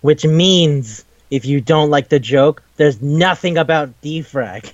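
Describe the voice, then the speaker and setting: A man talking casually on a podcast, rambling along and swearing as he recaps scenes. He drops into brief put-on voices for the characters he quotes. His voice sits at an ordinary pitch, and the recording sounds dry and a little dull. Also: takes it slowly, no room sound. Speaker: podcast co-host. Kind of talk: casual chat.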